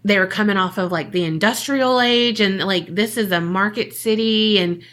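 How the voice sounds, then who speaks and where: Bright-voiced woman telling a story. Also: medium pitch, normal speed. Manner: profane, jokey storytelling. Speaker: podcast co-host. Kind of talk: casual storytelling chat.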